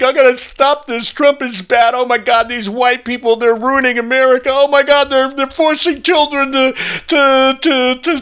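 A man voicing a whiny, panicking young male activist in a mocking, stammering falsetto. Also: sharp tone.

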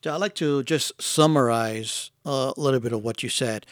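A man hosting an interview podcast, asking questions and summing up in a plain, measured way. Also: mid-range voice, no room sound, clean studio sound. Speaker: podcast host.

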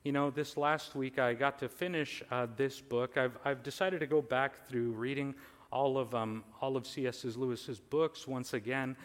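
A man's voice: mid-range voice, fairly even intonation, normal speed, big-room sound. A man preaching a sermon earnestly, his voice swelling on lists, with casual fillers and restarts. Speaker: pastor.

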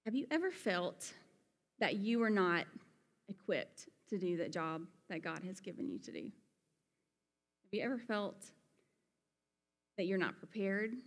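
A woman's voice: mid-range voice, animated, measured pace, long pauses. A woman from Alabama with a Southern accent, preaching a sermon in an earnest, conversational way with folksy asides. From Alabama, USA. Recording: long hall reverb.

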